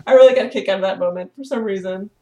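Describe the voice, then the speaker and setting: A woman co-hosting a podcast in casual chat. She is upbeat, laughs often and throws in quick asides. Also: medium pitch, a little mellow. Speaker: podcast co-host.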